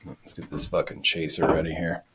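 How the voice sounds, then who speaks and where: A man's voice: a bass voice, level tone, a little fast, noisy background. A man co-hosting a casual podcast, blunt and profane, chatting loosely over drinks. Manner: blunt, profane, laid-back. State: tipsy from drinking beer. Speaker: podcast co-host. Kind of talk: casual chat.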